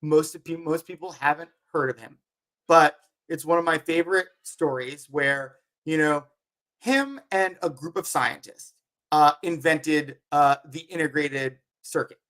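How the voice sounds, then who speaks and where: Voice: mid-range voice, a little slow, fairly bright tone. A company head hosting a weekly stock market show, talking casually and rambling with constant "like" and "um" fillers.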